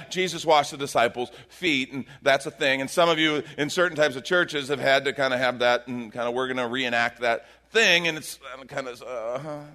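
A middle-aged man preaching a sermon as pastor, expressive and conversational, acting out the voices he quotes. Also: a little high.

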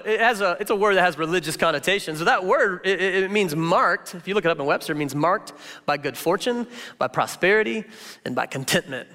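A man gives a loose, conversational sermon in a big reverberant hall. His voice sits high and bright, and he talks in an animated, chatty way, tossing in plenty of filler words. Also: fairly quick. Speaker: pastor.

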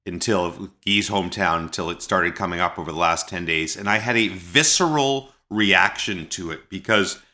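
A man's voice: sits low, moderate pace, few pauses, bright, forceful tone. A Canadian man hosting a podcast, telling rambling stories with many restarts over a remote call. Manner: rambling storyteller, frequent restarts. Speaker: podcast host. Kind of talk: casual chat.

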